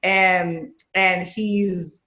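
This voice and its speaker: A woman's voice: lowish voice, little pitch movement, very slow, pushed and bright. A woman in her thirties from Chicago, a guest in a casual interview, talking candidly and animatedly and swearing freely. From Chicago, USA. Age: 30s.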